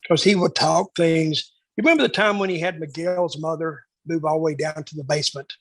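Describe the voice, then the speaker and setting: Gravelly man telling rambling stories. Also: on the high side, fairly quick, fairly bright tone, no echo, low-quality recording. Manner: rambling storyteller who acts out quoted dialogue. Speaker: guest storyteller. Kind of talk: casual anecdotal interview.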